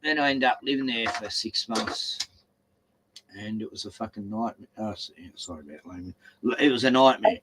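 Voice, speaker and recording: Speaking with an Australian accent in a brisk, lowish voice, a man chats casually, rambling and stammering through stories and swearing along the way. The recording is very noisy.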